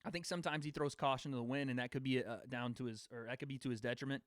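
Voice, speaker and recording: A young man hosts a casual livestream from home, laughing and bantering with his chat between fight predictions. His voice is smooth and clean, sitting mid-range in pitch. The sound is dry, with no room around it. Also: fairly even intonation, very fast, no room sound. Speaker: livestream host.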